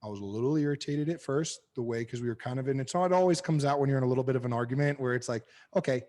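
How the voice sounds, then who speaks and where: A man in his thirties talks casually as a podcast guest, his voice sitting at an ordinary middle pitch. He tells stories frankly and with animation, swearing often. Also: rapid-fire. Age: 30s. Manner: candid, animated storytelling with frequent swearing. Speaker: podcast guest, knife maker. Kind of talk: casual interview chat.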